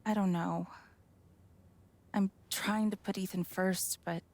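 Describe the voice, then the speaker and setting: An actress voicing a grieving widow in a video game who speaks in a subdued, hesitant way with a gravelly voice. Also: female voice, medium pitch, fairly even intonation, slow pace, darkish tone. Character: grieving widowed woman, weary and torn.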